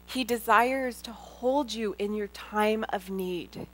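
A middle-aged woman speaking before a live audience, sharing her testimony in an earnest, heartfelt way. She turns often to address her listeners directly. Her voice sits in an ordinary middle pitch for a woman. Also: slow pace. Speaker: Christian women's speaker. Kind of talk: personal testimony talk.

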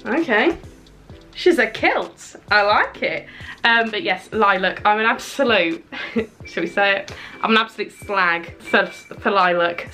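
A woman, chatting excitedly and casually through a clothing haul, swearing now and then. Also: medium pitch. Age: 20s. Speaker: fashion vlogger.

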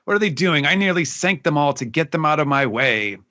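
A man's voice: a little high, animated, fairly quick, sharp tone, pitched above the performer's own voice. A man reading the lines of a brash, scornful male pirate captain in a lightly raised, mocking voice.

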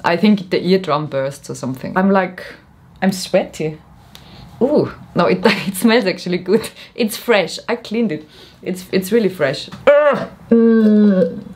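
A woman's voice: fairly low pitch, a little slow, a little mellow, slight background noise. A young woman rambling in a comedic vlog, frazzled and worn out, self-mocking and giggly. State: frazzled and mentally tired. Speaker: vlogger.

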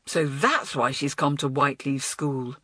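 A woman's voice: a bass voice, unhurried, husky, no echo, clean studio sound, voice pushed down, heavily acted. A woman voicing an easygoing schoolboy who speaks in a wry, teasing way. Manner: wry and relaxed.

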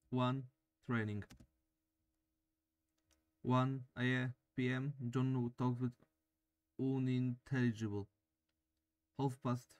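A man's voice: medium pitch, darkish tone, no echo. A man playing a video game, reading the on-screen text aloud and joking between lines. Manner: reads game text aloud and jokes with himself. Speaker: let's play gamer.

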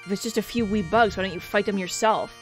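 Brief: woman as a cranky rodent knight, terse, muttering low and quiet. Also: fast talker, music in the background, natural voice. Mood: grumpy. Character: grumpy male rodent knight companion.

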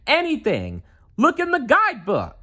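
A man voicing a grumpy, stubborn cartoon duck uncle in a storybook reading, stressing words slowly and indignantly. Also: fairly high pitch, wildly swooping pitch, bright, forceful tone, breathy edge, voice pushed up, full character voice. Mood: pleading.

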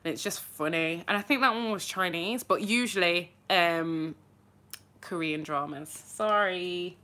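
A woman's voice: lowish voice, unhurried. A woman, chatting casually and rambling through viewer questions in a vlog. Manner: chatty, rambling, lively asides. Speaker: vlogger answering viewer questions. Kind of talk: casual chat.

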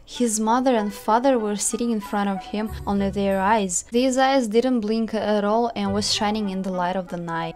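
A woman's voice: mid-range voice, darkish tone. A woman who hosts a channel, narrating a story dramatically and chatting with puppets.

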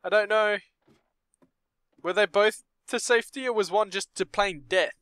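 A man's voice: high voice, normal speed, bright, forceful tone, smooth, no room sound. A young man commenting on a game, reading story text aloud with nervous asides and startled outbursts. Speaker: gameplay commentator.

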